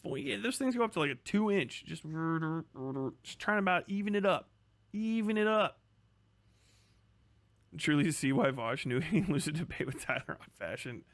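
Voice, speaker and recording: A man's voice: fairly high pitch, lively intonation, moderate pace, a bit bright, dry recording. A man streaming casual commentary, crude and sarcastic, rambling and swearing often.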